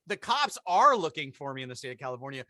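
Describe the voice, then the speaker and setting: A middle-aged man with a bright, ringing voice spins a comic tale on a podcast, his pitch leaping around as he laughs through his own punchlines. He sits close to the mic in a dry, deadened room. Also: fast, no echo. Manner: animated storyteller who laughs through his own jokes. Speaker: podcast co-host. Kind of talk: casual comedic storytelling.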